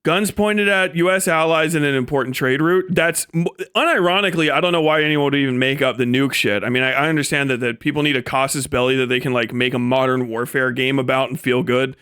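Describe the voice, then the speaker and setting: A man's voice: mid-range voice, quick pace, a bit bright, clean tone, dry recording, studio quality. A man hosting a live stream, ranting in a profane, mocking way and mimicking people sarcastically. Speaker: streamer host.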